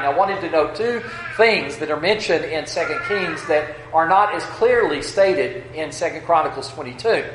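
A man with a West Texas accent delivers a sermon in a church with a faint hum behind him. His voice sits a bit high and he talks in a halting, folksy way, full of fillers and restarts. The room gives every word an echo. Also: a bit bright. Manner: hesitant, many uh fillers and restarts, folksy asides. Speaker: preacher. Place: church sanctuary.

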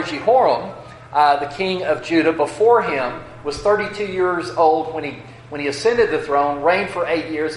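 A man with a West Texas accent delivers a sermon in a church with a faint hum behind him. His voice sits a bit high and he talks in a halting, folksy way, full of fillers and restarts. The room gives every word an echo. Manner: hesitant, many uh fillers and restarts, folksy asides. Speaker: preacher. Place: church sanctuary.

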